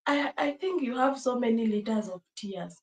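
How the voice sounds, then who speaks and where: A woman's voice: fairly high pitch, animated, normal speed. A young woman, chatting casually on a livestream, emotional and repeating herself, laughing often. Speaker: livestream host. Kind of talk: casual livestream chat with viewers. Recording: echoey room.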